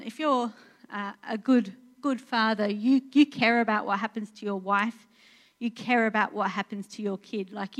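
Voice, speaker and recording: A woman delivering a sermon in a chatty, earnest tone, often pausing on fillers and restarting her sentences. Her voice sits in an ordinary middle pitch for a woman. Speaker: preacher. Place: church in Portugal.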